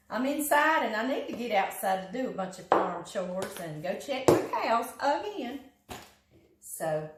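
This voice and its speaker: A woman's voice: mid-range voice, noisy background. Folksy southern lady talking thru a recipe in her kitchen, chatty, roomy echo. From Louisiana. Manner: chatty, folksy, laughs often, calls food "him". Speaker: home cooking show host. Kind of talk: casual cooking demonstration. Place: home kitchen.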